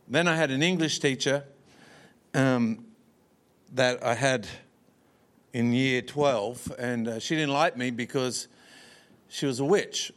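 A man's voice: mid-range voice, a bit bright. Man, church preacher, storytelling sermon, self-deprecating jokes, chuckling asides.

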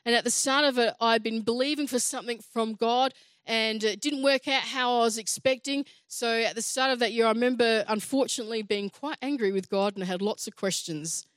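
Earnest high-voiced woman preaching. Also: a little fast, dry recording. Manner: earnest, rising to emphatic scripture reading. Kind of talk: sermon.

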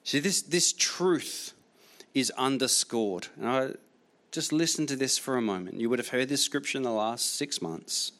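A man's voice: medium pitch, normal speed, fairly bright tone. Man preaching with emphatic repetition. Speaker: pastor. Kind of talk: sermon.

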